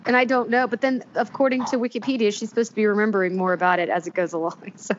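A woman in casual chat, animated and giggly, with many fillers and restarts. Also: medium pitch, fast. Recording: dull lo-fi sound with faint room noise.

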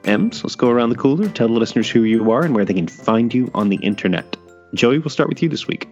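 A man's voice: mid-range voice, expressive, fast, darkish tone, dull audio, faint music behind. A man hosting a podcast in casual chat, with a wry, joking manner. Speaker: podcast host.

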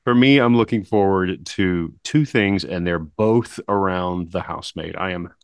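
A man's voice: low voice, unhurried, smooth, dry recording, studio quality. A man co-hosting a podcast with a wry, laughing manner, steering the conversation back. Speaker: podcast co-host. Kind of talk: casual chat. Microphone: own recording setup.

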